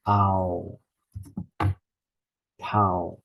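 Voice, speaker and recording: A man teaching a lesson, saying each word slowly and repeating it with care. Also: deep voice, flat delivery, gravelly, dull audio. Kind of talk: slow spoken lesson naming Greek letters.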